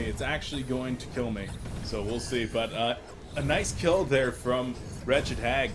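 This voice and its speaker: Speaking a little slowly in a medium-pitched voice, a young man provides solo play-by-play for a video game match despite his hiccups. He calls it from a room at his mother's home, chatty and self-deprecating, getting excited on plays, and there's a slight hiss or hum.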